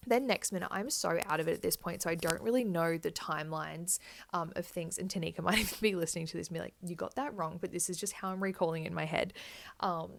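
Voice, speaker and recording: A woman's voice: on the low side, fast talker, gravelly. A young woman telling her birth story in candid, chatty style, swearing freely. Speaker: vlogger. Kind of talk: casual birth story chat.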